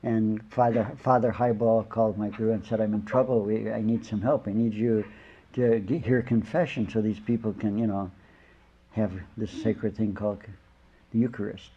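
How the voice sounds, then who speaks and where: An older man, a spiritual teacher, gives an informal sermon full of stories, rambling and chuckling through conversational asides. His husky voice sits on the low side, with a level tone and a moderate pace. The recording is a dull, lo-fi lecture capture.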